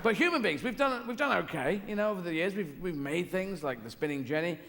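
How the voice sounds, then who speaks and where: A man with a high, animated voice and vocal fry performs live stand-up on a large theater stage, speaking a little fast with hardly any pauses. He rambles playfully through tangents and restarts, while the echoey live hall is noisy with audience laughter.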